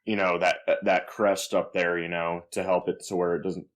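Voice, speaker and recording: A man with a deep, low voice plays a tabletop game. He explains his character's action in a rambling, hesitant way, stumbling over restarts and piling on fillers. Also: little pitch movement, moderate pace. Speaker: player. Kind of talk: casual tabletop game play.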